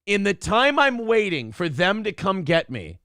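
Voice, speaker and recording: Brief: male morning show co-host, animated, profane storyteller, slightly high voice, dry close studio sound. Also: moderate pace, no room sound. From Minnesota. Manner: animated storyteller, swears, acts out quotes. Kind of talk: casual storytelling chat.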